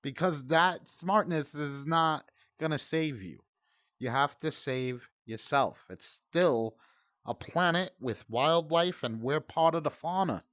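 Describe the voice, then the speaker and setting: A man's voice: a little high, takes it slowly, a bit bright, dry recording, clean studio sound. Profane, heated man ranting. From United States. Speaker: gaming channel host. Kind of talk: ranting commentary.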